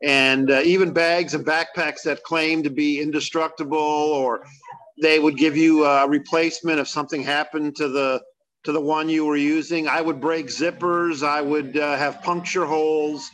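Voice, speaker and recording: A man's voice: fairly high pitch, little pitch movement, moderate pace, fairly bright tone, rough recording. A man hosting an interview, asking chatty, folksy questions with fillers. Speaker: interview host. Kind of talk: casual interview.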